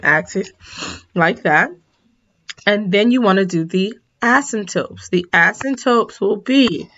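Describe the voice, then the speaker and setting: A woman's voice: on the low side, a bit bright, highs cut off. A woman math teacher talking through a recorded lesson in a casual way, tired and yawning, often correcting herself and saying sorry. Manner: casual, self-correcting, apologetic asides.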